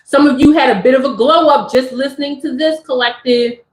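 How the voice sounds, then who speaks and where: High-voiced woman giving an animated tarot reading. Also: fairly quick, roomy sound, rough recording. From Southern California. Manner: animated, affirming, talks straight to viewers. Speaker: tarot reader.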